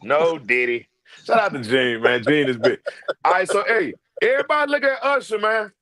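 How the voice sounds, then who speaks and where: A man's voice: fairly high pitch, sing-song, moderate pace, bright, forceful tone. A man giving casual ranting commentary, brash and profane, calling people out directly. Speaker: online commentator.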